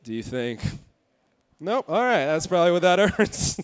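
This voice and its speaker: A smooth-voiced young man from Indiana does a dark stand-up set on a comedy club stage. His voice is high, and he delivers deadpan dark jokes in a halting way, full of fillers.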